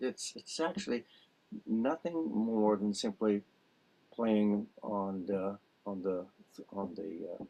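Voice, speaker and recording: Low husky-voiced man teaching a class. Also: a little mellow, low-quality recording. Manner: rambling, explains with homely analogies. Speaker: dulcimer teacher. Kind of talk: casual class introduction. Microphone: video call.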